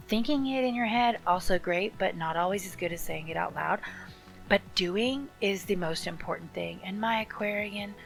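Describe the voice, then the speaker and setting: A woman reads tarot in a casual, heartfelt way, talking straight to her viewer with earnest encouragement. Her pitch sits in an ordinary middle range, and soft music plays faintly underneath. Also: poor audio. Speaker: tarot reader. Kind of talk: casual tarot reading to camera.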